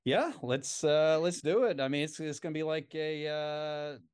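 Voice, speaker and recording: A man's voice: a little high, moderate pace, a little mellow, clean tone. Laid-back young man, lots of fillers. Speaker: podcast co-host. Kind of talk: casual chat.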